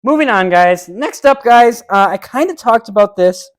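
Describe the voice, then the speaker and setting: A man's voice: sits high, lively intonation, moderate pace. A man hosting his own solo movie review podcast, speaking bluntly and rambling in an exasperated way straight to his listeners, into his own microphone at home. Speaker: podcast host. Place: room at home with a fan.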